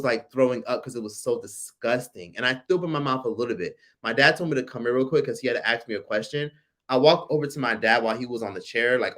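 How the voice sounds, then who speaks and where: A man in his forties hosting a casual livestream, telling a personal story with animated, profane delivery and reading viewer comments aloud. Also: mid-range voice. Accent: American. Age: 40s. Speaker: livestream host.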